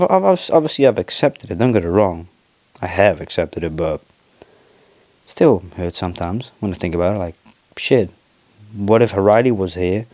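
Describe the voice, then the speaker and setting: Low-voiced young man, swearing podcaster. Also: a little mellow, dry recording. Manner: rambling, heavy swearing, halting restarts; confessional, emotional. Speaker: podcast host. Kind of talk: casual personal monologue.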